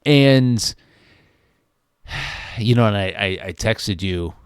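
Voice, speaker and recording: A man's voice: fairly low pitch, slow, smooth, no echo, clean studio sound. A man co-hosting a podcast, reviewing a movie in casual, rambling chat, swearing freely and restarting his sentences. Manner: rambling, profane, animated storytelling with many restarts. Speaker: podcast co-host.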